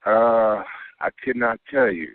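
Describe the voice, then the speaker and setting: Low-voiced man telling a story over a phone line. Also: slow, dry recording. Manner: rambling, keeps adding "okay?". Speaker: caller telling an alien abduction story. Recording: tinny dry phone line.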